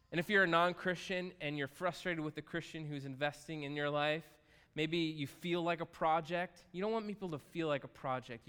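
A pastor giving a conversational, joking sermon, animated and lively at times. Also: male voice, fairly high pitch, smooth. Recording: hall reverb.

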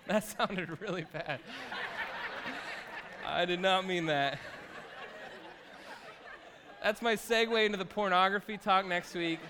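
A pastor giving a conversational, joking sermon, animated and lively at times. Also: male voice, high-pitched, unhurried, long pauses. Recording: hall reverb.

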